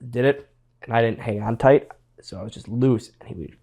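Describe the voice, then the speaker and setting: Gravelly-voiced man telling wrestling stories. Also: medium pitch, fairly quick, warm tone. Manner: rambling, repeats words, quotes others in his stories. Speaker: interview guest, former pro wrestler. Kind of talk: casual storytelling interview.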